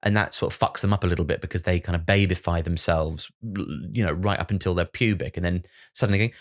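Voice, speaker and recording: A man's voice: low voice, steady tone, fast talker. A man hosting his own podcast, rambling through a sweary, self-mocking comic monologue. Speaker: comedian podcast host.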